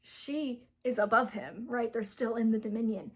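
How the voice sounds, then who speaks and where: A woman's voice: fairly high pitch, moderate pace, husky. A young woman casually retelling a book's plot, rambling with lots of fillers and giggles. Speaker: book reviewer.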